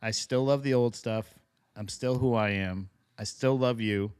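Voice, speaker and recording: A man chats easily on a casual podcast, often laughing. He reacts to chat comments in a relaxed, friendly way. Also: lowish voice, a little slow, clean tone. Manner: laid-back, laughs often, reads chat comments aloud. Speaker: podcast co-host.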